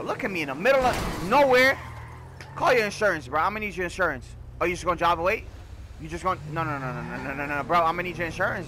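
Loud, animated slangy man gaming. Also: high voice, background noise. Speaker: gaming YouTuber. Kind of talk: casual gameplay commentary.

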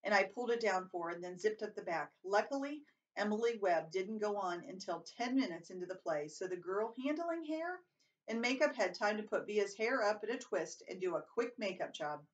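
A woman reads a first-person novel aloud in a plain, unhurried voice, now and then stumbling and correcting herself. She sits a little away from the microphone, so the voice sounds somewhat distant. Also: mid-range voice, lively intonation, highs cut off. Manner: plain reading with occasional stumbles and self-corrections. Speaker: reader.

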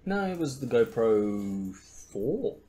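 A man's voice: medium pitch, sing-song, slow, warm tone. A young man hosting a podcast in casual chat, rambling and laughing at his own stories. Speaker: podcast host.

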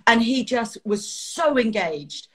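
A middle-aged English woman, a children's author, chatting as an interview guest and telling stories with animated energy and frequent laughter. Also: fairly high pitch, slow, slightly rough. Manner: animated storytelling, laughs often. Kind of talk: casual interview chat.

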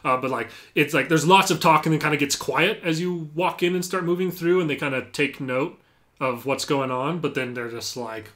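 A man's voice: a little high, moderate pace, a bit bright. A man narrating a tabletop role-playing game as game master, talking casually with lots of fillers.

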